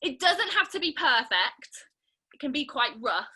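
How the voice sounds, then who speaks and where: Bright, playful woman leading kids. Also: high-pitched, sing-song, rough recording. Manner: bright, playful and encouraging, speaking slowly to children. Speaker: theatre maker leading a family workshop. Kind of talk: online children's movement and craft session. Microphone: video call.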